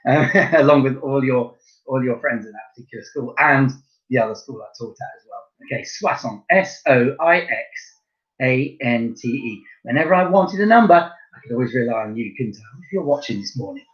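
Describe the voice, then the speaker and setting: Chatty teacher, slightly dull audio. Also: male voice, mid-range voice, expressive. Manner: encouraging, chatty, spells letters out slowly. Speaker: primary school French teacher. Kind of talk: recorded online lesson.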